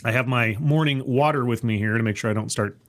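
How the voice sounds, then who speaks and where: A man hosting a casual livestream, chatty and sardonic, greeting viewers by name, his voice not quite warmed up yet. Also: mid-range voice, quick pace. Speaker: livestream host.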